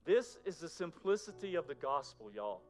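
Man, pastor, conversational sermon, fairly high voice, faint music behind. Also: very animated, normal speed. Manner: conversational preaching, swings from loud to whispered.

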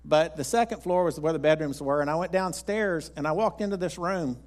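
A man with a slightly raised pitch delivers a sermon. He tells stories in a folksy, rambling way, often restarting his sentences. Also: brisk. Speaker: pastor. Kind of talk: sermon with storytelling.

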